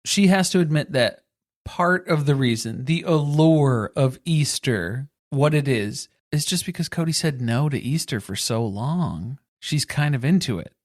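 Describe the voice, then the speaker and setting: A woman's voice: low voice, animated, a little slow, a little mellow, no echo. Dry-witted woman podcast co-host. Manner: dry, sarcastic humor. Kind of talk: casual recap chat.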